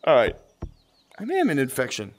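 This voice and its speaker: A man streaming a VR game, commentating loudly, shouting and laughing as he plays, a bit out of breath. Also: medium pitch, huge pitch swings, fairly quick. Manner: hyped, shouting and laughing while playing. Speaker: gaming livestreamer. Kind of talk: excited livestream commentary.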